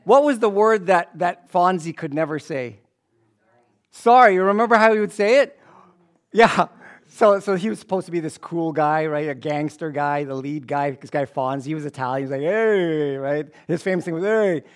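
A pastor preaching a sermon to his congregation, animated and joking with the audience. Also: a little high, moderate pace.

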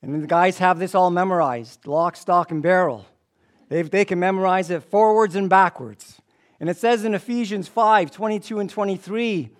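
A pastor preaching a sermon to his congregation, animated and joking with the audience. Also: sits high, normal speed.

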